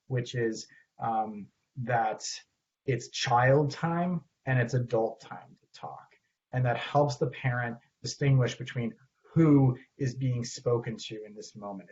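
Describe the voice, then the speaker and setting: Male clinician-teacher, relaxed conversational delivery, acts out examples, lo-fi audio. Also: mid-range voice. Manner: conversational, acts out what he says to parents and kids. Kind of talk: recorded training talk.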